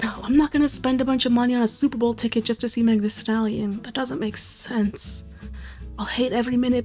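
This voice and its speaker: A woman's voice: mid-range voice, a little mellow. A woman in her twenties chatting casually to stream viewers, rambling, swearing freely and mocking herself with frequent laughs. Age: 20s. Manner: rambling, profane and self-mocking, often laughing.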